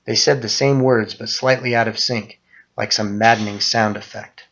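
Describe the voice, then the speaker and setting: A man reading his own first-person horror story aloud, muttering through the narration and breaking into loud outbursts on the quoted lines. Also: lowish voice, steady tone, normal speed, gravelly, lo-fi sound.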